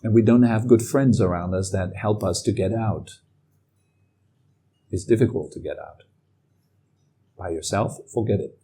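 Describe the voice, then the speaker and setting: A man giving a calm, reflective talk as a meditation teacher. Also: on the low side, measured pace, pauses often, husky. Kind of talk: dharma talk.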